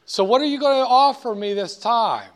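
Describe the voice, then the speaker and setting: A man's voice: very high-pitched, normal speed. A man lecturing a class on finance, joking and wandering off topic, hammering key points. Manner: joking, digressive, emphatic.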